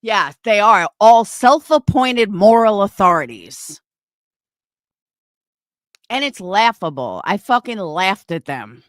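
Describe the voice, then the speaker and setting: A woman's voice: medium pitch, lively intonation, slow pace, pauses often, no room sound. A woman hosting a livestream, ranting angrily and swearing constantly as she answers her chat, often repeating herself. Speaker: livestream host reading chat. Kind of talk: angry livestream rant.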